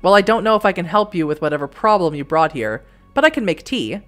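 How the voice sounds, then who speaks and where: A woman voicing a young male werewolf scholar in a narrative video game, speaking a bit lower with dry, dismissive put-downs. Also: very animated, fast talker, soft background music.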